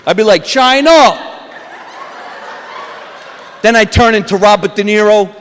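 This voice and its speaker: A male stand-up comedian on stage, talking in an animated way and jumping into quoted voices. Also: high-pitched, fast, long reverb tail, slight background noise.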